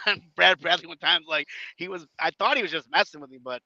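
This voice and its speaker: A man in his thirties with a Chicago-area accent, a wrestler telling stories on a podcast in an animated way, acting out other people in loud bursts and swearing freely. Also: fairly high pitch, brisk, no room sound. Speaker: independent wrestler, podcast guest. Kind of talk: casual storytelling chat. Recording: dull lo-fi podcast audio.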